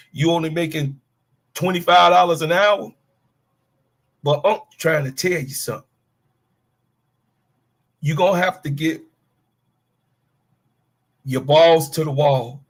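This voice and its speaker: A middle-aged man hosts a sports talk stream and rants hard. His voice is a little husky and sits on the high side for a man. He talks bluntly, swears freely and calls out to his chat. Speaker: sports show host. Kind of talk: heated livestream rant.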